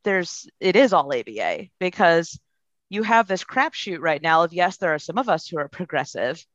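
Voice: mid-range voice, animated, moderate pace, a bit bright, dry recording. A podcast guest answers in an earnest, reflective way, working through ideas as they speak. The sound is dull and lo-fi. The recording is dry, with no room around the voice. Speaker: guest, behavior analysis professional.

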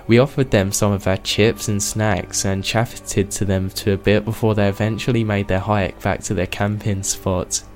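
A man narrating a submitted true scary encounter in a steady, measured storytelling manner. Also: fairly low pitch. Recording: faint music bed.

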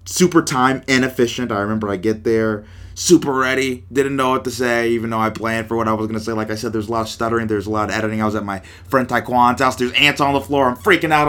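Young guy rambling on his podcast, kinda low voice, lots of uhs and restarts. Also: fairly bright tone. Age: young adult. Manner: rambling, upbeat, frequent fillers and restarts. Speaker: podcast host. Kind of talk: casual solo podcast monologue.

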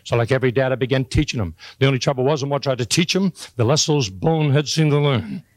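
A man's voice: medium pitch, fast, rough recording. An older man giving a motivational speech to a live audience, folksy and joking, with emphatic repeated lines. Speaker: motivational speaker.

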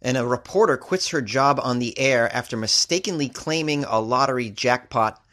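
A man's voice: mid-range voice, moderate pace, bright, forceful tone. A man who is a comedian, hosting a daily weird-news podcast with wry jokey asides between stories. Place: recording in Los Angeles.

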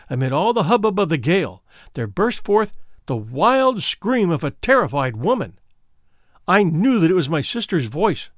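A man reading the part of a frightened young woman who recounts her twin sister's death, in an earnest, measured storybook telling. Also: on the high side, dry recording, studio quality. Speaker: audiobook reader.

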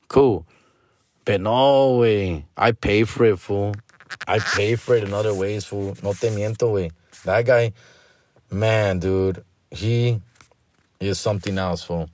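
A man's voice: lowish voice, unhurried, no room sound, studio quality. A man from Los Angeles, a stand-up comedian telling a comedic story, profane and slangy and sprinkling in Spanish words.

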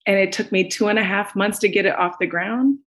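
A woman guest on a podcast, telling her story in an expressive way and talking straight to the listeners. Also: medium pitch, brisk, low-quality recording. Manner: expressive, acts out quoted voices, addresses listeners directly. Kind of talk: animated storytelling.

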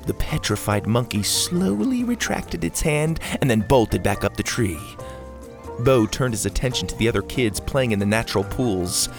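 A man narrating a kids' adventure story in an expressive, animated storytelling manner. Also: fairly low pitch.

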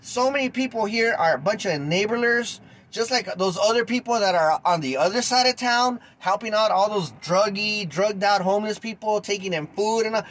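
A man with a high-pitched voice hosts a podcast and rants at his listeners. He talks bluntly and with heat, throwing in plenty of street slang. His delivery stays direct and confrontational. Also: moderate pace, few pauses, fairly bright tone, rough recording. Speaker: podcast host. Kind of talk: ranting podcast monologue.

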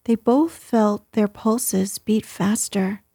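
A woman reading a novel aloud in whispered storytelling, soft and gentle, close to the mic. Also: mid-range voice, fairly even intonation, slow, husky, no echo.

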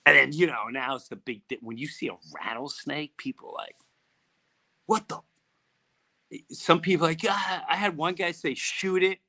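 Bright animated man telling stories. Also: medium pitch. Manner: animated, acts out quoted voices. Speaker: podcast host. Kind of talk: casual storytelling.

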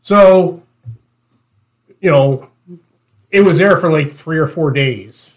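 A man with a somewhat high voice, a former police officer, tells a story from the station in easy conversation. He restarts his sentences and chuckles as he goes. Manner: halting, repeats words, chuckles. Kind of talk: casual storytelling chat.

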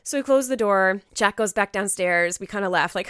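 Woman, podcast co-host, casual storytelling, lively swooping pitch, bright voice, dry close sound. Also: fairly quick, clear, resonant tone, dry recording. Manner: animated storytelling full of "like" and acted-out quotes. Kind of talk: casual chat, telling a story.

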